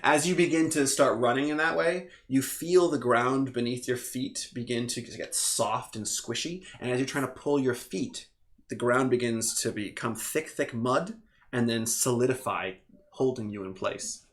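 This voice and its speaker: A man running a tabletop game as game master, describing scenes in a relaxed way with fillers. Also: mid-range voice, normal speed.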